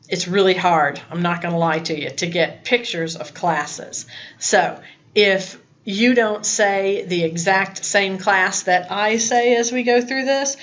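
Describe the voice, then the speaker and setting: This recording is muffled, but the woman's mid-range, fairly bright voice still comes through as she teaches. She's a Spanish teacher speaking patiently to her students in a recorded lesson, explaining as she goes and switching between English and Spanish prompts.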